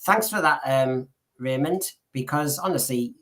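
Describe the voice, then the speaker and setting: A man's voice: medium pitch, a little slow, fairly bright tone. Rambling man stumbling over his words. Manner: rambling, frequent restarts and repeated words. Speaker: podcast co-host. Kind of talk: casual chat.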